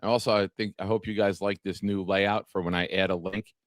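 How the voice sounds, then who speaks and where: This podcast host runs a laid-back sports talk livestream, greeting viewers by name and reading aloud from an article. His low voice moves little in pitch and comes fairly quickly, captured dry at studio quality.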